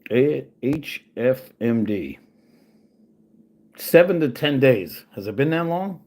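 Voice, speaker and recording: Hosting his own channel, a man with a husky, slightly rough, somewhat mellow voice rants casually to camera, swearing freely and turning sarcastic. He speaks slowly with lively intonation, his pitch swinging widely and jumping sharply when he's angry. He mutters asides while working at a computer.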